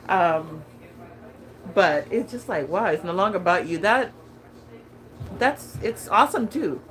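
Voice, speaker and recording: Woman vlogger, thirties, low voice, casual chat, laughs a lot, lots of fillers. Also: lively intonation, takes it slowly, pauses often, fairly bright tone, poor audio. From California. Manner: chatty, laughs often, many fillers and restarts. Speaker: lifestyle vlogger.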